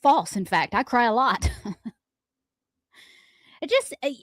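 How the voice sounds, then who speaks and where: A woman co-hosting a radio morning show, telling everyday stories in a chatty, animated, self-deprecating way. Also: fairly high pitch, takes it slowly, no echo, studio quality. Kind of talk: casual storytelling chat.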